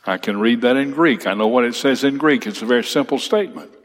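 A man's voice: medium pitch, fast talker. A man teaching a Bible class, reading verses aloud and explaining them with emphatic repetition. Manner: emphatic, reads scripture aloud then explains it. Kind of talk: expository Bible class lecture. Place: church classroom with slides. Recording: long hall reverb.

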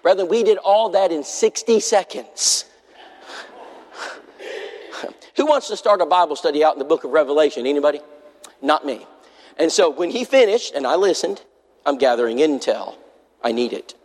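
A man preaching in a church, telling his story with lively, acted-out quotes. His voice sits a little on the high side for a man, and a long hall reverb trails after each phrase. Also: moderate pace, long pauses. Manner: animated storytelling that acts out the people it quotes. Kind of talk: storytelling sermon. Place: church sanctuary.

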